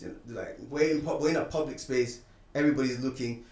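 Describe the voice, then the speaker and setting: This man talks fast in a mid-range voice, telling a personal story on a podcast in a casual, animated way and performing the quoted lines himself. It was recorded with a distant mic in an echoey room.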